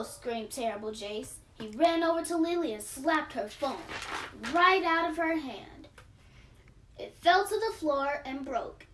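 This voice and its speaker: A woman's voice: high voice, animated, unhurried, far from the mic, rough recording. A woman reading her own children's story aloud in a playful, dramatic way.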